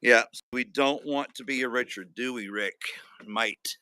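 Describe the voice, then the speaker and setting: A man's voice: mid-range voice, normal speed, pushed and bright, smooth, no echo. A man hosting a live stream in casual chat, joking and reading out viewer comments. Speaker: livestream host.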